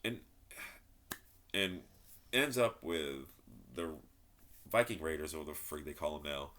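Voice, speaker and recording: A man's voice: very deep voice, animated, slow, fairly bright tone, slight background noise. A man giving a frustrated, rambling wrestling review, swearing and repeating himself. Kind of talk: ranting solo commentary.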